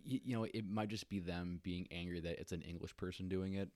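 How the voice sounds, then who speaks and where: Very deep-voiced laid-back man. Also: steady tone, a little fast, a little mellow, dry recording. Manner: laid-back, lots of "like" fillers, joking asides. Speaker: podcast co-host. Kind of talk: casual chat.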